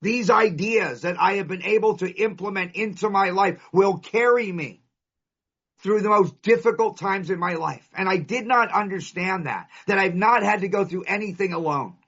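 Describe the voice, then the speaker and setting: A man's voice: sits high, moderate pace, a bit bright, husky. A man from California giving an emphatic, storytelling share at a recovery meeting, driving his points home with punchy lists. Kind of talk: recovery share to a live audience. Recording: dull lo-fi recording.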